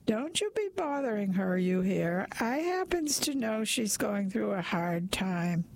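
A woman's voice: mid-range voice, sing-song, unhurried, gravelly, no room sound, full character voice. A woman reading aloud, voicing a tall, self-assured laundromat attendant who speaks in a folksy, motherly way. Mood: calm.

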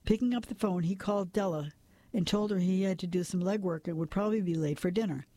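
Guy reading a novel out loud, mellow tone, dry close mic, steady with the odd slip. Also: sits high, quick pace, dry recording. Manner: steady, plain reading with occasional slips and restarts. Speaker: narrator. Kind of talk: audiobook narration.

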